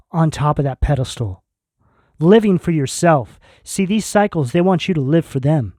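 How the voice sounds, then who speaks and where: A fairly high-voiced man with a mellow, dark tone, reading tarot in slow, emphatic statements. He lands each line with intense conviction. The sound is dry and close. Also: lively intonation, no echo. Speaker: tarot reader.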